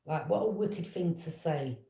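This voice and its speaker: A woman, telling a personal story in a casual, animated and indignant way, with quick "yeah?" asides. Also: on the low side. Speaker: tarot reader. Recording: echoey room.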